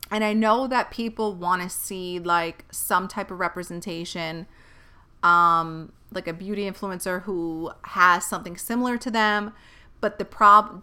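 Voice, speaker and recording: Young woman, podcast host, candid monologue, blunt and profane, bright forceful voice, smooth crisp tone. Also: on the low side.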